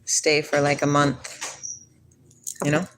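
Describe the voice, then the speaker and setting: A woman's voice: sits low, completely flat delivery, slow pace, a little hiss or hum. A woman in her forties hosting a livestream, chatting in a rambling, dreamy and playful way and answering viewers' comments. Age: 40s. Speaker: livestream host. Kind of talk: casual chat with live chat.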